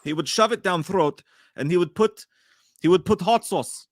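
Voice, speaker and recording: A man putting on a comic mock Russian accent, with broken grammar and a deadpan delivery. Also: high voice, moderate pace, no echo, clean studio sound. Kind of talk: casual podcast banter.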